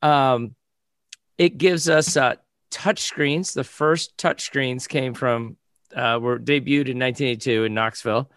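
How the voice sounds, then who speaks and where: A man's voice: medium pitch, fairly even intonation, measured pace, fairly bright tone, clean tone, no room sound. A man co-hosting a podcast, reading out trivia facts in casual chat. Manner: reads out trivia questions and facts. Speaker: podcast co-host.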